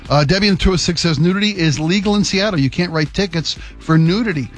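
Animated male talk radio co-host. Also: high voice, fast. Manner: animated, emotional storyteller who jokes. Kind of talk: casual talk radio chat.

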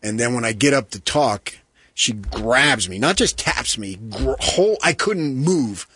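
A man hosting a sports radio show, telling animated stories and doing loud, high impressions of his mother. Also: a little slow, slightly rough, no echo. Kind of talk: casual storytelling on radio show.

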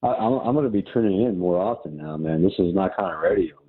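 A man's voice: deep voice, fast. A laid-back man calling a sports radio show, filling his talk with "man", over a tinny phone line. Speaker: caller.

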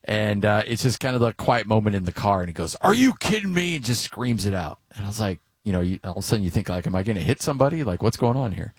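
A man's voice: fairly low pitch, quick pace, few pauses, husky, no echo. Chatty middle-aged sports radio host man. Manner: storytelling, lots of filler words. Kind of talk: casual sports talk.

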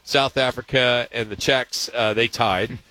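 Male sports radio host, mid-pitched, bright and forceful, upbeat news rundown. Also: steady tone, low-quality recording. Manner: reads news items in a brisk, upbeat way. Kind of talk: casual sports talk.

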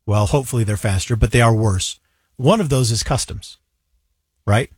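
A man's voice: medium pitch, moderate pace, breathy edge, no room sound, studio quality. A man from the United States co-hosting a casual chat show, playfully dramatic in his storytelling. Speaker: co-host.

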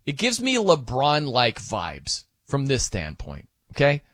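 A man's voice: medium pitch, slow, no echo. Sports radio guy riffing and joking, voice swinging up and down, dry close studio sound. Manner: animated, joking, rambling with fillers. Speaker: sports radio fill-in host. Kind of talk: casual radio banter. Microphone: close studio mic.

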